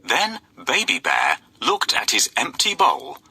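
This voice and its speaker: Slow, very animated male storyteller. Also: mid-range voice, vocal fry, slightly rough, no room sound. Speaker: narrator. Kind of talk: storybook narration with character voices.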